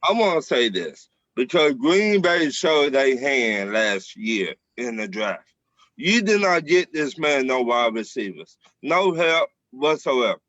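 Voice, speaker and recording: A man's voice: mid-range voice, big pitch swings, takes it slowly, fairly bright tone, no echo, lo-fi sound. A man on a sports podcast making blunt, emphatic points and firing off rhetorical questions. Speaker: podcast co-host. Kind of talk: casual sports debate.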